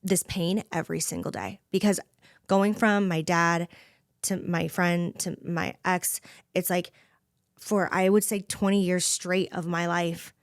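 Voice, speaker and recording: A woman in her thirties speaks candidly as a podcast guest, earnest and heartfelt, with plenty of "you know" woven into her talk. Her voice sits a bit low for a woman. The sound is dry and close. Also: level tone, slow pace, clear, resonant tone, dry recording. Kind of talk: candid conversation.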